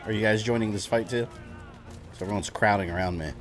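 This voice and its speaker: Low-voiced man rambling over gameplay. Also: fast. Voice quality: rambling, chuckling asides. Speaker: gaming streamer. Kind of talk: casual gameplay commentary. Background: game music.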